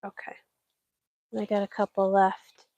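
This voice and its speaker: Slow-talking chatty woman gardening. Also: mid-range voice, monotone, dark tone, dull audio. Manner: chatty, talks to her pets mid-task. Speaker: vlogger. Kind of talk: casual chat while gardening. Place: greenhouse.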